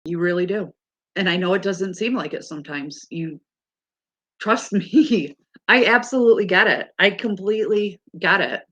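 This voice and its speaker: A woman's voice: mid-range voice, a bit bright. A woman talking frankly and casually, swearing freely and laughing often as she tells stories. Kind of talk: casual chat.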